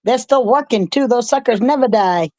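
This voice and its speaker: An easygoing, chatty co-host on a livestream. The mid-pitched voice is recorded dry and close, with no room sound around it. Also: moderate pace, dark tone, dry recording. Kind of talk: casual livestream chat.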